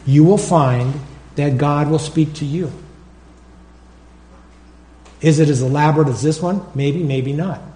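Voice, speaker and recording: A man preaching a sermon as pastor, animated, acting out his own prayers and calling out to the congregation for responses. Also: on the high side, normal speed, roomy sound.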